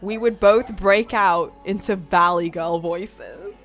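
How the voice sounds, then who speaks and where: A woman's voice: medium pitch, slow pace, a bit bright, soft background music. A young British woman streamer telling stories in casual chat, laughing often. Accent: British English. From England. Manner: chatty, laughs a lot while telling stories.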